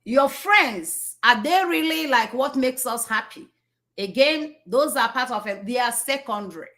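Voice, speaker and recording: Slow, preachy woman speaker. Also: fairly high pitch, expressive, bright, forceful tone. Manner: repeats phrases for emphasis, asks rhetorical questions. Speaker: speaker of an inspirational talk. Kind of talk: slow, preachy motivational talk.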